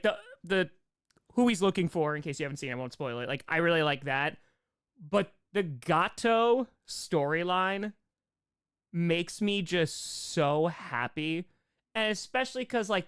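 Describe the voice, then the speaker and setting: A man's voice: a little high, a bit bright, clear, resonant tone, no echo, studio quality. A man hosting a live rewatch stream, chatting loosely and enthusiastically about his own sketches. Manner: rambling, enthusiastic, self-teasing. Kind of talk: casual live commentary.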